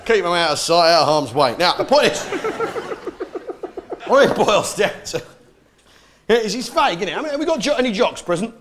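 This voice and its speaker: A man's voice: high-pitched, sing-song, brisk, pauses often, background noise. A man doing a brash stand-up comedy routine, full of rhetorical questions, with a crowd heard behind. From England. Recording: live comedy club crowd.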